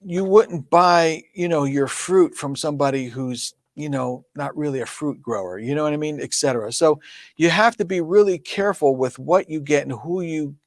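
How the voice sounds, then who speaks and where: Male drum teacher, casual storyteller, a bit high-voiced, close and dry. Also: normal speed, no echo. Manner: animated, laughs often, acts out quoted speech. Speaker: drum clinician.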